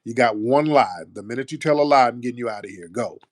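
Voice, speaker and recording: A man's voice: medium pitch, expressive, fast, no echo, studio quality. A man hosting a comedic call-in show, mocking and repetitive as he confronts his callers. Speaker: host. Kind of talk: comedic call-in radio talk.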